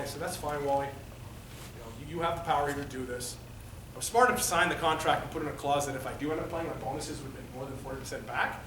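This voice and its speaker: A former athlete in his thirties speaks to a room of students, rushing through his story with quick, lively energy. His voice sits high for a man and carries through a roomy hall. The mic is set back from him, and a faint ambient hum sits under the talk. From Canada. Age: 30s. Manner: animated, acts out quoted voices. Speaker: motivational speaker. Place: high school gym or auditorium. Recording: echoey hall, mic at a distance.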